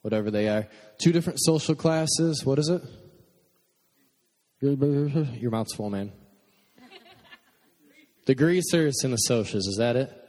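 A young man from Michigan preaches to his congregation, chatting and cracking jokes as he goes. His voice sits at an ordinary male pitch and carries a long reverberant tail from the hall around him. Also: lively intonation, measured pace, pauses often, mellow. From Michigan, USA. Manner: conversational, jokey asides to the congregation. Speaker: pastor. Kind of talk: sermon.

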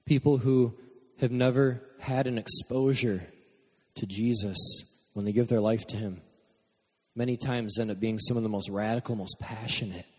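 A young man from Michigan preaching a sermon in a relaxed, conversational way, joking with the congregation between points. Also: medium pitch, slightly rough. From Michigan, USA. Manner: conversational, jokey asides to the congregation. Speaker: pastor. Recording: long hall reverb.

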